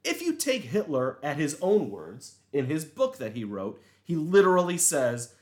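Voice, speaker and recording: A man hosting a casual chat, telling stories in a rambling, animated way. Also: a little high, normal speed. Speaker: podcast host. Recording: echoey room.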